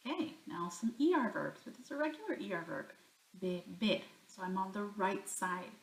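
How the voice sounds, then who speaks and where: A woman's voice: medium pitch, very animated, normal speed. A woman teaching a Spanish grammar lesson, talking herself through each example and answering her own questions. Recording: echoey room.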